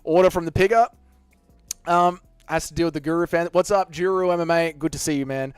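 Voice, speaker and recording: Australian male stream host, slightly high voice, swears freely, jokes with chat, dry close sound. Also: steady tone, a little fast, smooth, no room sound, soft background music. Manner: profane, joking banter with chat. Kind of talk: casual live-stream chat.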